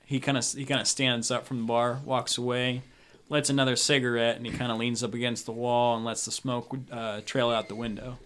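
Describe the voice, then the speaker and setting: A man's voice: medium pitch, little pitch movement, a little fast, a bit bright, slight background noise. A young man runs a casual tabletop game, describing scenes in a loose, rambling way. He leans on fillers and restarts as he thinks aloud. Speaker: game master.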